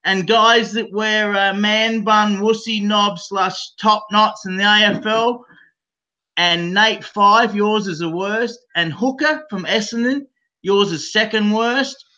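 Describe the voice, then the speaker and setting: Brief: loud, profane Australian bloke calling in, bright high voice, muffled line. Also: male voice, slow. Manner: rowdy, profane, rambling, says mate constantly. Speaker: call-in guest. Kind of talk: crude casual banter.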